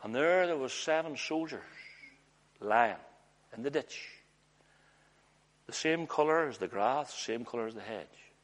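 A man preaching a sermon in an earnest, storytelling way, often letting his voice drop low and hushed. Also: animated, unhurried, pauses often.

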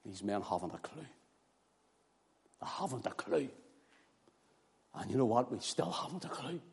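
A man preaching an impassioned sermon, swinging from loud exclamations to hushed near-whispers. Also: mid-range voice, very animated, moderate pace, vocal fry, breathy edge. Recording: echoey hall reverb.

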